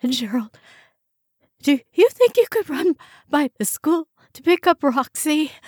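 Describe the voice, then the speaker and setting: A fretful, ailing housewife, as a woman reader puts her on, her voice pitched up high and pushed louder. She sounds strained and pleading, in a dry storybook reading. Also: very animated, a little slow, no room sound.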